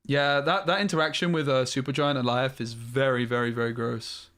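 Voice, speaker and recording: A man's voice: mid-range voice, fairly even intonation, fairly quick, a bit bright. A man streaming a card game, thinking aloud in a frustrated way and swearing often. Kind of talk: live-streamed gameplay commentary.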